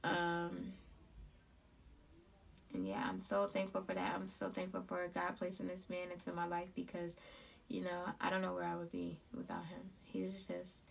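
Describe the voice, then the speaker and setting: A young woman vlogger telling a personal story in a halting, heartfelt way, full of fillers. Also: fairly low pitch, monotone, vocal fry, distant mic, a little hiss or hum.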